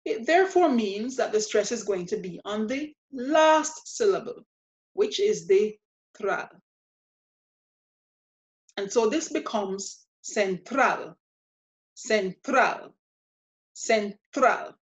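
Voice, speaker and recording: A woman teaching a language lesson, explaining rules step by step in a patient, methodical way and repeating example words slowly. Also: medium pitch, animated, a little mellow. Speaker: Spanish teacher. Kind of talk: spoken grammar lesson. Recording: dull lo-fi sound.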